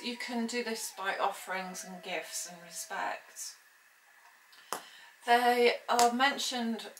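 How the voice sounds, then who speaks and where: A woman talks through a lesson slowly and deliberately, pausing on hesitant ums as she explains. Her voice sits at an ordinary middle pitch. The recording is roomy and echoey, with faint ambience behind her. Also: a bit bright, slight background noise. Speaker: witchcraft teacher. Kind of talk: informal spoken lesson.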